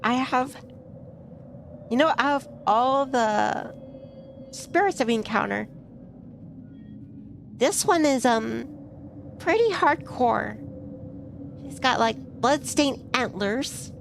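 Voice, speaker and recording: A woman's voice: a little high, expressive, takes it slowly, gravelly, long pauses, a little hiss or hum. A woman streaming a game, chatting casually and playfully, reacting aloud to what happens on screen.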